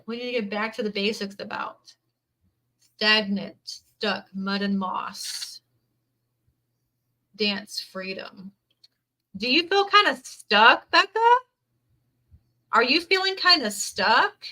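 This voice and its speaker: A woman reads tarot cards for her viewers in a bright, clear voice. She speaks earnestly and emotionally, close to tears, and keeps repeating her words of encouragement. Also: mid-range voice, animated, slow, pauses often, poor audio. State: teary, near crying. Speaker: tarot reader. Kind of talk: live tarot reading to viewers.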